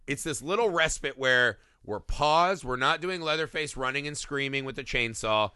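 A man co-hosting a casual movie podcast, talking in an animated, profane way and acting out scenes in goofy voices. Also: medium pitch, normal speed, clean tone, no echo, studio quality. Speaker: podcast co-host. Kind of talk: casual movie-review chat.

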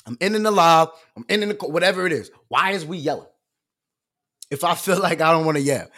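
Man, young adult, livestream host, animated rant, streetwise slang, loud bursts and quiet asides, slightly high voice. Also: brisk. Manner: emphatic, swings between loud bursts and low asides. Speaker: live stream host. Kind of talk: animated rant on a live stream.

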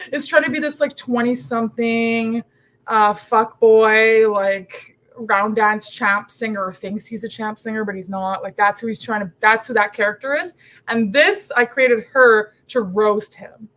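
Lively, chatty woman guest. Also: fairly high pitch, low-quality recording. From Canada. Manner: animated and chatty, quick bursts of laughter. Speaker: podcast guest. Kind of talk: casual chat.

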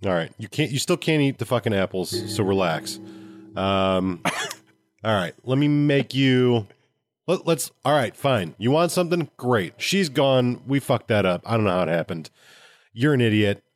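A man voicing a weary male god who talks in a deadpan, profane way. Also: medium pitch, moderate pace, dry recording, lightly acted.

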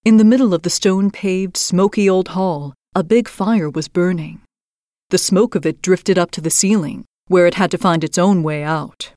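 Low-voiced woman reading a fairy tale. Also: no room sound, studio quality. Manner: measured, expressive reading. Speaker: storyteller host. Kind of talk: scripted storybook narration.

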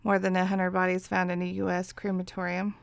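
A woman's voice: on the low side, monotone, brisk, vocal fry, no echo, clean studio sound. A woman with a New Jersey accent, co-hosting a podcast in casual chat, swearing freely and reading out listener questions. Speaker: podcast co-host.

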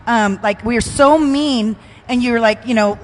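A woman's voice: a little high, unhurried. An older woman chatting as a podcast guest, emotional and self-deprecating, with frequent restarts. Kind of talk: casual chat.

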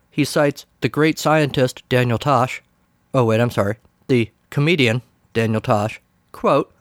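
A man's voice: medium pitch, no echo, clean studio sound. A man hosting a podcast, talking casually in a wry, sarcastic way. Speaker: podcast host. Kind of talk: casual solo commentary.

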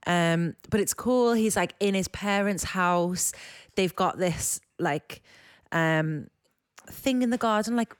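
A woman's voice: lowish voice, takes it slowly, clean tone, no echo, clean studio sound. A woman co-hosting a casual podcast chat, telling a story in a chatty way full of likes and ums. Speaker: podcast co-host.

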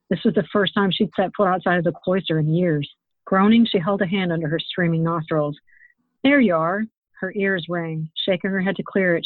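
A woman author reading her own fantasy novel aloud in a steady, expressive storytelling manner. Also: lowish voice, no room sound. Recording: tinny phone-like, dry sound.

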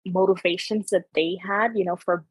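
A woman's voice: fairly low pitch, fairly even intonation, normal speed, husky, no room sound, low-quality recording. A young woman with a Canadian accent from Ontario, hosting a podcast in casual chat, rambling with many fillers. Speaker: podcast host.

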